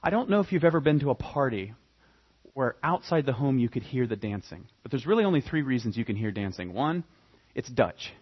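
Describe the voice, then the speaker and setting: A man preaching a sermon, telling the story with animated, dramatic emphasis. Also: medium pitch, a little fast, husky. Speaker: pastor. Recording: dull lo-fi recording.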